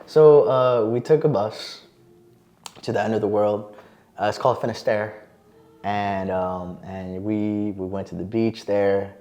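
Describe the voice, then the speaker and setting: A man chatting as a podcast guest, a lively storyteller with plenty of fillers and restarts. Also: lowish voice, unhurried. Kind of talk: casual interview chat.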